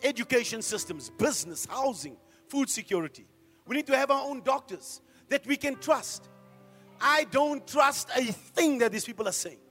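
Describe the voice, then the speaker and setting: High-voiced preacher. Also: male voice, expressive, moderate pace, husky, faint music behind. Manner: preaching with rhetorical questions, swinging from hushed to loud. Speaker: pastor. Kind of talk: sermon.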